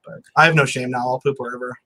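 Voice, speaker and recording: Chill guy guest, bright tone, says like a lot, kinda rambly. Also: mid-range voice, fairly even intonation, fast talker. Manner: laid-back, full of "like" and fillers. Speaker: guest author. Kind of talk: casual chat.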